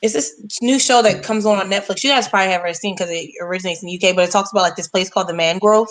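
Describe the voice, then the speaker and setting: Fast-talking American woman. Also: mid-range voice. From United States. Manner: animated storyteller, fast and chatty. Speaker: singer and guest. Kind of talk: casual podcast chat.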